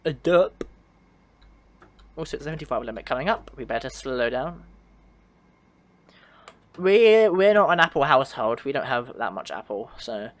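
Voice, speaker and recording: A man's voice: mid-range voice, sing-song, moderate pace, long pauses. A man streaming a train simulator, chatting casually and answering his chat with frequent laughs. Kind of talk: casual livestream commentary.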